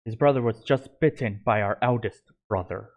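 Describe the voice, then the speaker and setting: A man's voice: lowish voice, normal speed. A man doing a solemn wolf spirit. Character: stern male wolf spirit, protective older brother.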